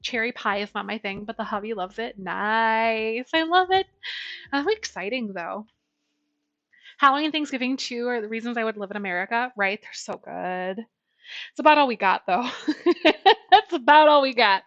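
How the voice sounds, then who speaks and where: A woman's voice: lively intonation, normal speed, fairly bright tone, no echo, muffled recording. A young woman chatting casually through a cooking livestream, talking to her viewers. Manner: chatty, talks to her dog in a high baby voice. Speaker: streamer.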